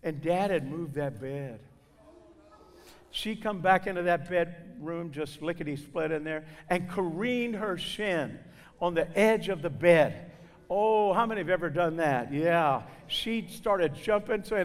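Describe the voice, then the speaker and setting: An older man speaking to a gathering, telling humorous stories in a folksy, animated way and acting out the people in them. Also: high-pitched, moderate pace. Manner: folksy, animated, acts out voices. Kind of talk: humorous storytelling talk. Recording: long hall reverb.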